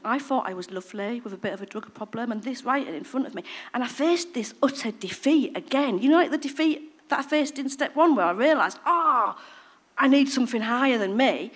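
A woman tells her recovery story with animated, expressive delivery. She acts out the voices of people she quotes, and her volume swings from loud to barely a hush. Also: a little high. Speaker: speaker sharing recovery story. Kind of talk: personal recovery testimony.

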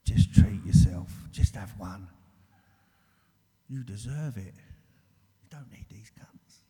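A sly inner voice of addiction that coaxes and then mocks, put on by a man. It comes out loud and pushy, with a warm, mellow tone. A long hall reverb trails behind it. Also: fairly low pitch, takes it slowly. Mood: coaxing. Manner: coaxing then mocking.

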